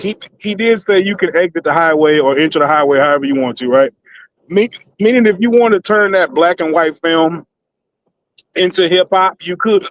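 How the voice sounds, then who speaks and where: A man's voice: sits high, poor audio. A man speaking on an online panel debate, hiccuping and repeatedly excusing himself as he makes his point. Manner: keeps saying excuse me through hiccups.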